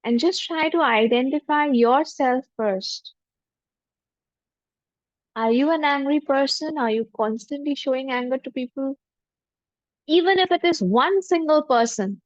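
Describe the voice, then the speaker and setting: A woman, a spiritual teacher leading a guided forgiveness meditation in a gentle, humble voice with repeated affirmations. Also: sits high, measured pace, no room sound. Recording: dull lo-fi dry recording.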